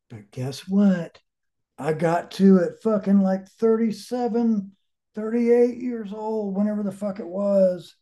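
Forties guy telling his story straight, swears a ton, kinda high voice but mellow. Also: gravelly. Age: 40s. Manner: blunt, heavy swearing, emphatic. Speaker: interview guest. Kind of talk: candid personal storytelling.

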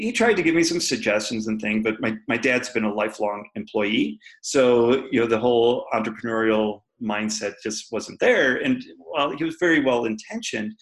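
A man's voice: mid-range voice, a bit bright, low-quality recording. A man, a podcast guest, candidly telling a personal story in an interview, laughing often and acting out what people said. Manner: candid, laughs often, acts out quoted voices.

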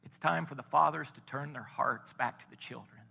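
A man's voice: medium pitch, fairly quick, creaky, bright, forceful tone, husky, big-room sound. A man preaching a sermon as a pastor, telling a story in a folksy way and building to emphatic points.

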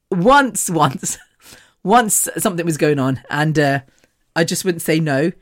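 A woman's voice: low-pitched, animated, takes it slowly. A woman hosting a podcast, telling a personal story in a frank, chatty way and laughing often between sentences. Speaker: podcast host. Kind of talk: casual storytelling monologue.

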